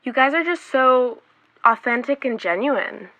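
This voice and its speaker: Young woman, very high and bright voice, comic skit reactions. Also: animated, unhurried, highs cut off. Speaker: guest geologist. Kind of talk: scripted comedy skit.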